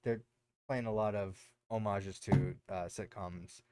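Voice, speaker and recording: Podcast co-host, male, rambling recap style with lots of ums, smooth lowish voice. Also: steady tone, a little slow, background noise. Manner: rambling, lots of fillers and self-corrections. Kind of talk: casual chat recapping a show.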